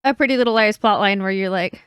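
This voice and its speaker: A woman co-hosting a podcast, reacting in casual chat with an animated, swearing manner. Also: mid-range voice, fast, clean tone, no room sound, studio quality. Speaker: podcast co-host.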